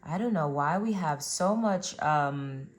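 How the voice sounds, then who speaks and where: A woman's voice: sits low, lively intonation, takes it slowly. A young woman giving a casual tarot card reading, chatting to her viewers with plenty of ums and uhs. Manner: chatty, addresses viewers directly with many fillers. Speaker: tarot reader.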